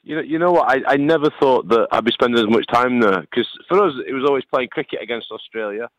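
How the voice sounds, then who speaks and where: A man's voice: medium pitch, fast, no echo. Lancashire man, forty, chatty phone guest, tinny line, dry sound. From Lancashire, England. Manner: chatty, jokey, with repeated restarts. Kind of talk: casual chat.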